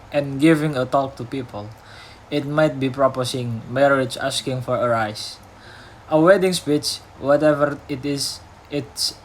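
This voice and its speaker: A young man with an Indonesian accent, a university student whose first language is Indonesian, retelling a talk for a class assignment and reading haltingly with grammar slips and restarts. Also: medium pitch, a little hiss or hum, poor audio. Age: young adult.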